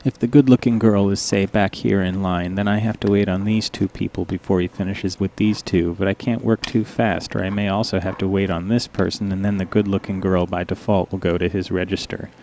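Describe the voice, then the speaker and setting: Deadpan young man with a deep, gravelly voice. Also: brisk, few pauses, slight background noise. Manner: deadpan, wry complaining. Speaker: narrator. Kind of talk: comic storytelling.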